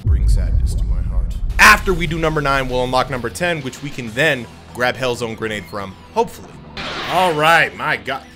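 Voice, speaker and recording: A man's voice: mid-range voice, animated, moderate pace. A young man giving joking, slangy commentary on his gameplay. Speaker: gaming YouTuber. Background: game music.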